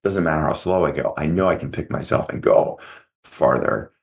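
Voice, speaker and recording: A middle-aged man with a very deep, gravelly voice talks through his own stories in a relaxed motivational chat. He rambles, with plenty of "like" and "you know" along the way. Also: normal speed. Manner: conversational storytelling with many fillers. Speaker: podcast host. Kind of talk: casual motivational talk.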